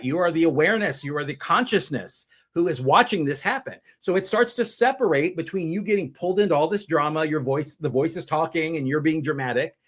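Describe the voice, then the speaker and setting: Middle-aged male speaker, fairly high voice, energetic teaching tone, explains in steps. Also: husky. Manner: energetic, explains step by step with examples. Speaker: mind power speaker, guest. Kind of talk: conversational teaching.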